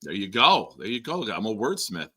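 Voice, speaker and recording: A man's voice: lowish voice, huge pitch swings, moderate pace, pushed and bright, slightly rough. A man calling in to a show, joking in a wry, mock-official way. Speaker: caller. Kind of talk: joking call-in commentary.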